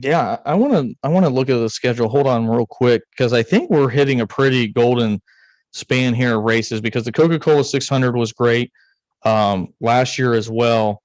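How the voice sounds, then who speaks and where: On a racing podcast, an American co-host talks at a moderate pace in a mid-range, slightly mellow voice, joking and rambling through casual chat. The audio comes across dry and rough.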